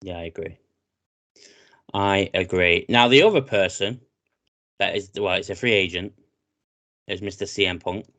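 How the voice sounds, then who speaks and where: A British man co-hosting a casual wrestling podcast, chatty and excitable, often saying "mate". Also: deep voice, moderate pace, long pauses, no echo. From Britain. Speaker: podcast co-host.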